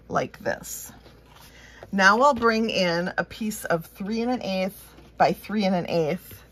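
A woman's voice: medium pitch, fairly bright tone, slight background noise. A woman from Minnesota with a Minnesotan accent, chatting casually as she walks through a craft tutorial step by step. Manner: chatty and upbeat, thinking aloud while working. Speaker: craft instructor.

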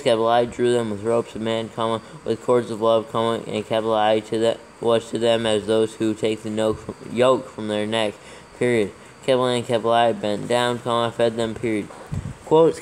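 A man reads text aloud slowly and carefully, calling out each capital letter, comma and period as he goes. His pitch stays flat and level, with little rise or fall. A faint hiss sits under the voice. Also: low-quality recording. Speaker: reader dictating scripture text. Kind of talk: dictation with spoken punctuation.

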